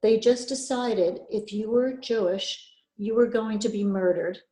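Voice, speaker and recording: A woman's voice: mid-range voice, unhurried, mellow. An older woman from Poland giving a personal testimony talk, earnest and emphatic, repeating key phrases. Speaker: Holocaust survivor speaker. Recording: echoey room.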